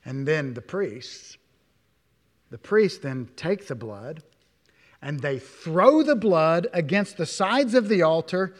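A male pastor preaching a sermon in a church, stressing words loudly, then dropping to hushed asides, with many rhetorical questions. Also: on the high side, animated, slow pace. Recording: long hall reverb.

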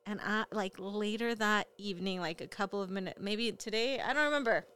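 Woman, casual podcast co-host, lively storyteller, smooth clear voice. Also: mid-range voice, brisk. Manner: animated storyteller who acts out quoted voices. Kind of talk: casual chat.

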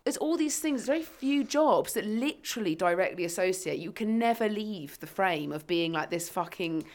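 A woman co-hosting a fitness podcast, chatting casually in a sweary, sarcastic and animated way. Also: medium pitch, moderate pace. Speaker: podcast co-host, fitness coach. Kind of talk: casual chat.

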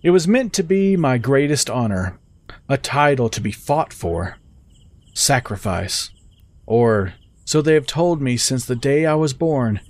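Give me a man with a middle-pitched voice narrating a first-person story in a steady, measured way.

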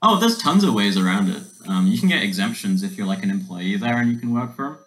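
A young man, a student, chatting in a relaxed, matter-of-fact way on a podcast. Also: lowish voice, fast talker, low-quality recording. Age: young adult. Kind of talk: casual chat.

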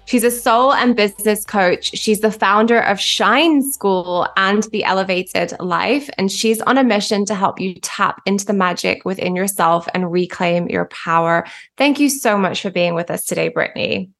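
A woman hosts a podcast in a gushing, affirming way. She talks at an ordinary pitch for a woman, in relaxed casual chat. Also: normal speed, hardly any pauses. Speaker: podcast host.

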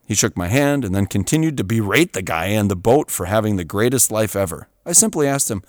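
A middle-aged man hosting a show, telling a story in an animated way and often chuckling. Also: lowish voice, fairly quick, no room sound, clean studio sound. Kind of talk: storytelling monologue.

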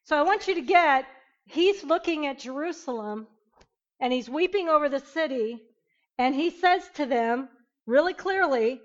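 A woman teaching an interactive Bible lesson, emphatic and animated, questioning her class. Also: high voice, moderate pace, muffled recording.

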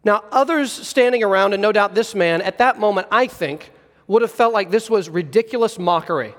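A man's voice: high voice, a little fast, fairly bright tone, big-room sound. A male pastor preaching a sermon, earnest and conversational, telling stories with frequent restarts.

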